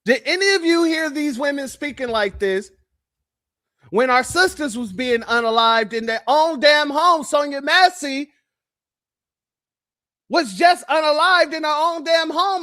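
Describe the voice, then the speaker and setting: A man hosts a reaction commentary, mocking and preaching to his audience. His voice is very high for a man. He swings between scornful asides and raised emphasis. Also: a little slow, sharp tone. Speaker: host of a commentary show.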